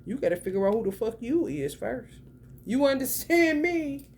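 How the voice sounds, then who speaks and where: A woman's voice: sits high, very animated, moderate pace. Brief: young woman, profane tarot reader, blunt and slangy, faint background hiss. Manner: blunt, profane, slangy, swings between loud and muttered. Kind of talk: casual spoken tarot reading.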